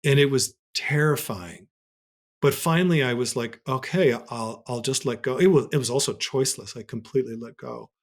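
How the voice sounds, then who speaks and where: A man speaks as a podcast guest, recounting a personal experience in an earnest, reflective way. His voice sits at an ordinary pitch for a man and jumps high when he acts out a moment. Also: moderate pace. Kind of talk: personal storytelling in conversation.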